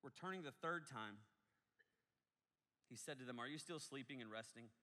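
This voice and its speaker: A man preaching a sermon in a casual, animated way, breaking into asides and acting out quotes, heard in an echoey hall. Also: mid-range voice, normal speed. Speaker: pastor.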